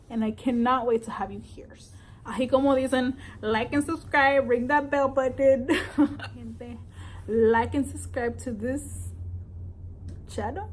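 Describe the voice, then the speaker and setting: A woman's voice: on the high side, measured pace, a little hiss or hum, low-quality recording. A young woman tells a pregnancy story in a casual vlog, switching languages, chatty and swearing freely. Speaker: vlogger.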